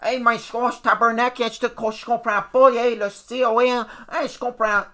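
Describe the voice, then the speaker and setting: A man doing a mocking impression of a rough-talking older male hockey pundit, with an exaggerated Quebec French accent and a sputtering, slangy delivery. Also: level tone, normal speed. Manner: loud, high, sputtering, slangy.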